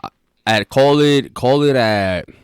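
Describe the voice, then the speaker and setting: A man's voice: mid-range voice, slow pace, clear, resonant tone, no echo, clean studio sound. A young man co-hosting a podcast in casual chat, rambling with restarts and slang. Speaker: podcast co-host.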